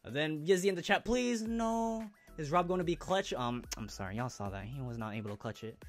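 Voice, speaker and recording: A young man hosting a live stream, chatting casually and excitedly with viewers in slang as he opens trading cards. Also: medium pitch, fast, faint music behind.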